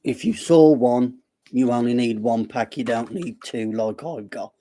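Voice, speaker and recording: A man's voice: medium pitch, unhurried, mellow. A man with a Black Country accent hosting a casual live stream, rambling and self-deprecating as he chats. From Black Country, West Midlands.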